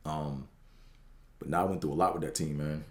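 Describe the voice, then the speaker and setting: Deep-voiced man telling a rambling story. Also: steady tone, fairly quick, echoey room. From Washington DC area. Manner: rambling, profane, with many fillers and restarts. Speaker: podcast host. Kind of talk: casual storytelling monologue.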